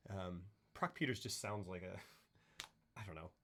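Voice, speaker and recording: A man co-hosting a casual film talk stream, animated, retelling scenes with voices and sound effects. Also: low voice, normal speed, crowd noise. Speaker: podcast co-host. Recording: livestream.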